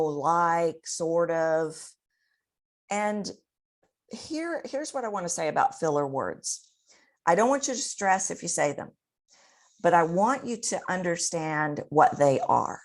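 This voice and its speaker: A woman with a notably low voice gives expert advice as a voice coach. She talks expressively and often demonstrates the techniques she describes. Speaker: voice coach guest.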